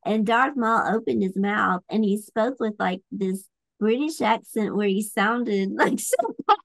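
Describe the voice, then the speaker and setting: A woman's voice: mid-range voice, unhurried, vocal fry, rough recording. A woman co-hosting a casual chat over a video call, chatty and giggly. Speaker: podcast co-host.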